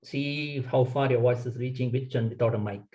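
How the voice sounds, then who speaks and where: A man's voice: mid-range voice, fairly even intonation, normal speed, dark tone, highs cut off. Emphatic man coaching speakers. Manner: emphatic, coaching, short instructive sentences. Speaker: public speaking trainer. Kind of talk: workshop lecture.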